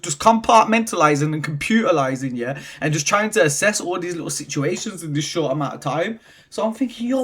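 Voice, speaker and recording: Lively, husky-voiced man telling a story. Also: high-pitched. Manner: animated, slangy, swears often. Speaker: vlogger. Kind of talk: casual storytelling.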